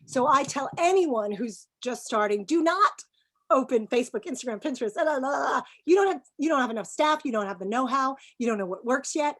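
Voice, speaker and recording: A middle-aged woman talking emphatically as a business guest in a webinar interview, animated and quick to laugh. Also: sits high.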